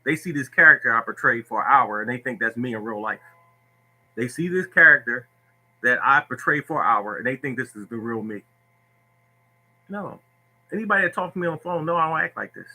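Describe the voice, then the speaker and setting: A man hosting a lottery livestream talks bluntly to his viewers and hammers every point home by repeating it. His voice is very bright and sharp, with a husky, raspy edge. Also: mid-range voice, low-quality recording. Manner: blunt, preachy, repeats himself. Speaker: lottery tips host. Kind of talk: livestream talk answering viewers.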